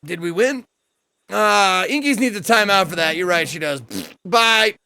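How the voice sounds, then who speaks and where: A man's voice: sits high, lively intonation, unhurried, vocal fry, bright, forceful tone, smooth, no echo. A man streaming a game, reading its text aloud and reacting with jokes and swearing. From United States. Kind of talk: casual gameplay commentary.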